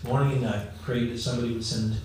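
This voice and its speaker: Middle-aged pastor guy telling stories in a sermon, mellow voice, super echoey from far off. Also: medium pitch, steady tone, fast talker, slight background noise. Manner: conversational storytelling, acts out quoted voices. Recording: very echoey room, mic at a distance.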